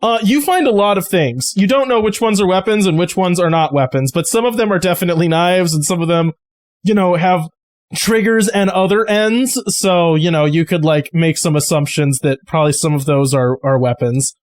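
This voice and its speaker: A man's voice: high-pitched, normal speed. A man narrating as game master in a loose, chatty way with plenty of fillers.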